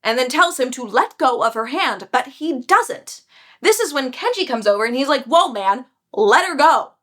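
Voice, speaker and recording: A young woman casually retelling a book series, animated and chatty, jumping into quick voices for the characters. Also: high voice. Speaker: book reviewer.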